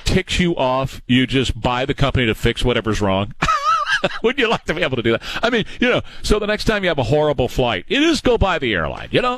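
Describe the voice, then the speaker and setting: A man's voice: fairly high pitch, wildly swooping pitch, brisk, fairly bright tone, no echo. An older man hosting a talk radio show, mocking and sarcastic, often laughing at his own points in a studio. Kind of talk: opinionated talk radio monologue. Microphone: studio broadcast mic.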